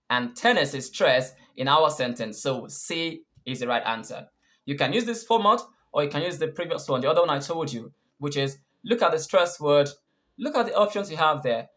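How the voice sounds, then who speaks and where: A teacher walks a learner through English grammar examples in a patient, explaining tone. Stressed words jump out sharply, higher and louder than the surrounding talk. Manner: lifts pitch and volume sharply on stressed words. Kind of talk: online grammar lesson.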